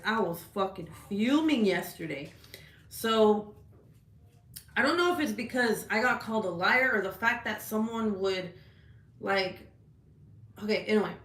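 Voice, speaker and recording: A woman telling a story in a casual rant, animated, swearing a lot, with many "like"s and "right?"s. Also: mid-range voice, reverberant. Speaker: vlogger. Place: at home.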